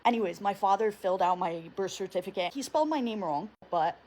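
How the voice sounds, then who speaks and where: A young woman telling a funny family story in a storytime vlog, animated and freely swearing as she acts out her parents. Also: mid-range voice, fast talker. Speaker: TikTok creator.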